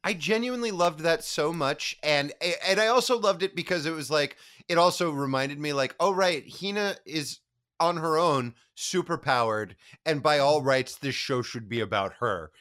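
A man co-hosting a podcast, recapping a TV episode in an animated, jokey way and swearing freely. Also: on the high side, moderate pace. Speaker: podcast co-host. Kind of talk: casual episode recap chat.

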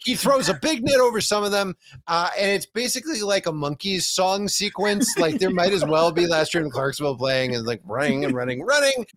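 A man's voice: high-pitched, a little fast, few pauses, no room sound. A man hosting a podcast, recapping a film in casual chat and acting out the characters' lines in a sarcastic, profane way. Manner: animated, acts out characters' lines while recapping. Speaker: podcast host.

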